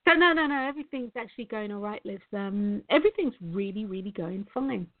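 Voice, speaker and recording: A woman's voice: medium pitch, expressive, a little fast. A woman hosting a live online talk show, chatty and rambling, laughing often as she talks. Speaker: show host and coach. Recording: tinny phone-like line.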